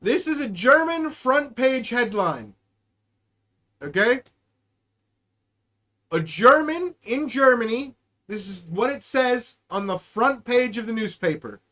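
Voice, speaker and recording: A young-adult podcast host rants on a live stream, heavy with profanity and sarcasm. The voice sits mid-range in pitch and jumps between loud bursts and low mutters. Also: expressive, slow pace, pauses often. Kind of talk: ranting satirical commentary on a live stream.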